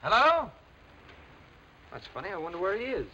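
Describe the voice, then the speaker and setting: A charming young prince. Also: male voice, on the high side, brisk, breathy edge, dull audio, full character voice. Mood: cheerful. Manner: playful, lively, tender in quiet scenes. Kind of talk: 1930s film acting. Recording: noisy old film soundtrack.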